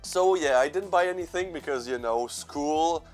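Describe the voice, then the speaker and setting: A young man with a voice on the high side hosts a casual vlog for his horror movie channel, speaking at a normal speed over soft background music. Stuffy from allergies, he rambles, mocks himself, swears, and laughs.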